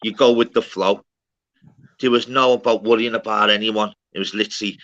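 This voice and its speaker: A man, chatting casually with a friend as host of a livestream, slangy and loud. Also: fairly low pitch, steady tone, a little fast, muffled recording.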